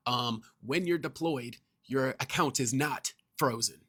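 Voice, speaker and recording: A man who once worked in Marine administration reads viewer comments to camera and answers each one. His voice is husky and mid-pitched, and his delivery is plain and matter-of-fact. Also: a little slow, few pauses, sharp tone. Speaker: former Marine administration specialist.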